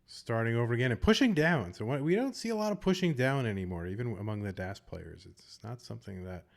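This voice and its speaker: Guy doing casual game commentary online, rambly and jokey, middle pitch. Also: lively intonation, fast talker, gravelly. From Boston. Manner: chatty, rambling, joking asides. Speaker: tournament commentator.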